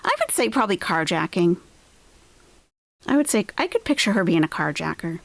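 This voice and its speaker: A woman's voice: lowish voice, expressive, fairly quick, no echo. A woman hosting a live-stream reaction, making sarcastic, mocking asides about the person on screen. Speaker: reaction channel host.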